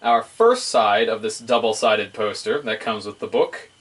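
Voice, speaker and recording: A man's voice: fairly low pitch, a little slow, a bit bright, slightly rough. A man casually reviewing a magazine, rambling, laughing often and repeating the same fillers.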